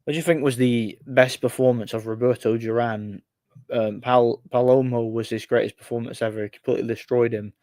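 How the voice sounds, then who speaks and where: Man, livestream host, casual rambling chat, average pitch, dry recording. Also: steady tone, a little fast, a little mellow, no room sound. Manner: rambling, frequent word repeats and fillers.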